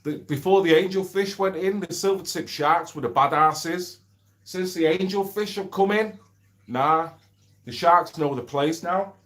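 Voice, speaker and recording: A man's voice: a little high, measured pace, a bit bright. Blunt man on a livestream. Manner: blunt, swears freely, reads out viewer comments. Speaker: livestream host. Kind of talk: casual livestream chat. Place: home.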